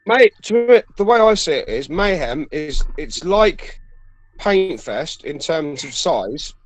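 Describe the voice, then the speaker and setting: A man's voice: a little high, very animated, slow, no echo. A man co-hosting a podcast in casual, rambling chat, swearing freely and laughing often. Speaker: podcast co-host.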